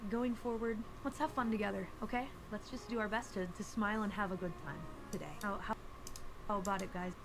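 A woman's voice: medium pitch, fairly even intonation, brisk, music in the background. A woman streamer speaking sincerely and from the heart to her viewers during a livestream. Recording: noisy streamed clip.

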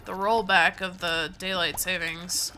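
A woman's voice: on the low side, flat delivery, a little slow, bright, forceful tone, soft background music. Sleepy woman rambling over gameplay. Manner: rambling, thinks aloud, reads item names. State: sleepy, yawning. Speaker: gaming let's play host. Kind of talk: casual gameplay commentary.

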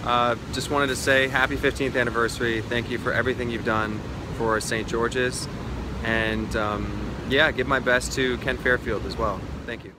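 A young man giving a quick, quiet video greeting. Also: mid-range voice, level tone, background noise.

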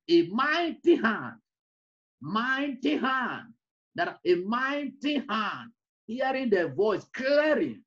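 A man's voice: high-pitched, dull audio. A man preaching an emotional personal testimony, repeating phrases and breaking into song. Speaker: evangelist.

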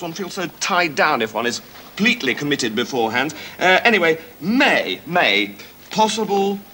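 Posh dithering warlord, high lively voice, noisy off-air recording. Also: male voice. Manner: dithering, posh and self-absorbed. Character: upper-class warlord fussing over his diary. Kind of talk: 1970s TV sketch acting.

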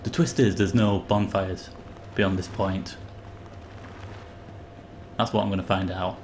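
A man's voice: deep voice, steady tone, unhurried, darkish tone, a little hiss or hum. A young man commentating his own game live, sarcastic and swearing, yelping when startled. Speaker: gamer playing live.

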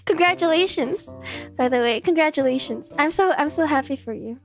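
A woman streamer in casual live-stream chat, giggly, playful and sarcastic. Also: high voice.

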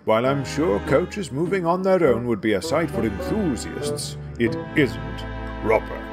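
A man's voice: medium pitch, expressive, a little slow, pitched above the performer's own voice. A man voicing a proud, pompous big male engine who sniffs at others, with music underneath. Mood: haughty.

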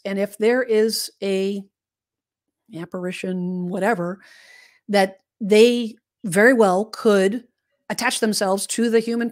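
A woman co-hosting a casual podcast, winding through a story with plenty of restarts and asides. Her voice sits at a middling pitch, and her conversational manner drifts loosely from one detail to the next. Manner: rambling, meandering storytelling with many restarts. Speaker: podcast co-host.

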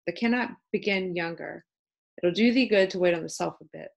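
A woman puts on a sturdy young housemaid with a thick Yorkshire accent, frank and unruffled. She talks plainly and at length, in a low voice with a gravelly edge. This is a storybook reading. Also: a little fast, dull audio. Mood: stout. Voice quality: homely dialect, stout and plain-spoken. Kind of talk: audiobook character voice.

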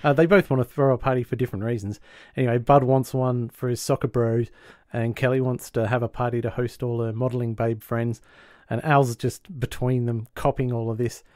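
A man's voice: mid-range voice, fairly even intonation, a little fast, few pauses, a little mellow, dry recording, studio quality. A male podcast host recapping a sitcom episode in a chatty way, laughing easily and acting out the lines.

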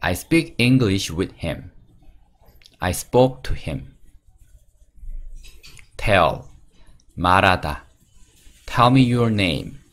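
A man teaching English vocabulary, reading each word, its meaning and example sentences in a steady drill. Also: sits low, takes it slowly, pauses often.

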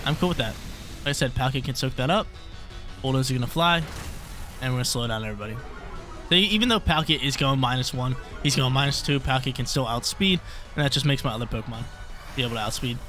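Excitable young man commentating his gameplay. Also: mid-range voice, fast. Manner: excitable, thinks aloud, repeats phrases. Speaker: gaming YouTuber. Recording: faint background music.

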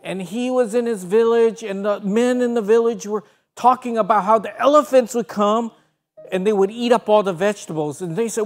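Woman storyteller, animated kids' segment, studio broadcast. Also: medium pitch, moderate pace, faint music behind. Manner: animated, sound effects. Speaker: children's storyteller. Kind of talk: children's story and devotional.

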